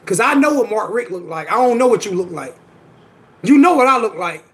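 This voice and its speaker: Brief: high-pitched adult man, livestream host, emphatic and repetitive, casual slangy delivery. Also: lively intonation, brisk, fairly bright tone. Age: adult with children. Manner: emphatic, repeats himself, slangy.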